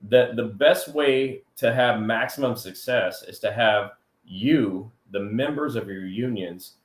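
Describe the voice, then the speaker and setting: A man co-hosting a casual live chat show, talking in an animated, jokey way with quick asides. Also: mid-range voice, roomy sound. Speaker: co-host of a live workers' comp chat show.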